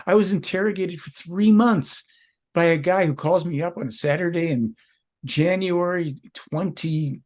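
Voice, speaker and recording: An older man talks as a guest in an interview, pressing his points hard and circling back to restart sentences. His voice sits a little high for a man and has a husky edge. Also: a little mellow. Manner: emphatic, rambling, with self-corrections. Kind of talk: conversational interview.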